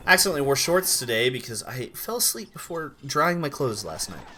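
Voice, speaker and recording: A sleepy young man from Idaho chatting casually on a live stream while gaming, rambling with quick outbursts. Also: medium pitch, big pitch swings, sharp tone, a little hiss or hum. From Idaho, USA.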